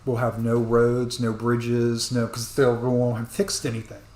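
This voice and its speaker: A man rambling through an earnest, apologetic rant as a commentator reacting to the news, breaking into sudden loud bursts. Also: medium pitch, level tone, measured pace, roomy sound. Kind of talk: rambling ranting monologue.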